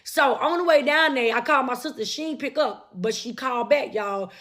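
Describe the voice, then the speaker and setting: A young woman telling a story in a profane, animated way, repeating lines for emphasis. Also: sits high, a little fast. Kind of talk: casual storytime.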